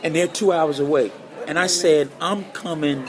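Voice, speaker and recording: A man guitarist telling an emotional personal story as a guest, animated and repeating phrases for emphasis. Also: a little high, moderate pace, crowd noise.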